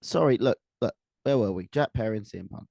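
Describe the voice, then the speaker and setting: A man's voice: mid-range voice, lively intonation, quick pace, creaky, dark tone, no room sound, studio quality. A man co-hosting a casual podcast chat, joking and offhand. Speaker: podcast co-host.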